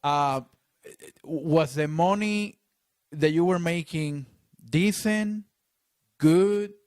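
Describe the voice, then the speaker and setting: A man's voice: fairly high pitch, very slow, a little mellow. A man interviewing a guest casually in a studio, swearing and restarting his questions.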